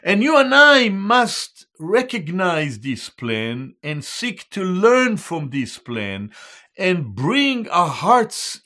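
A man preaching a sermon as a Bible teacher, slow and emphatic, repeating each key term in Hebrew and English. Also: on the high side, pushed and bright.

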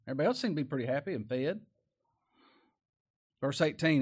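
A man's voice: fairly high pitch, animated, fast, long pauses, breathy edge. A man preaching a sermon in a folksy, conversational way, often asking rhetorical questions.

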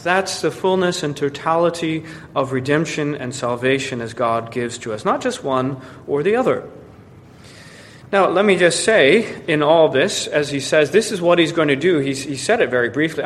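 Man preaching in an echoing hall. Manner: emphatic, repeats words when restarting. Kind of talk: expository sermon. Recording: long hall reverb with faint rumble.

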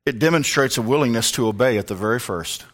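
A man's voice: mid-range voice, quick pace, a bit bright. A male pastor preaching a sermon, telling a personal story with comic asides.

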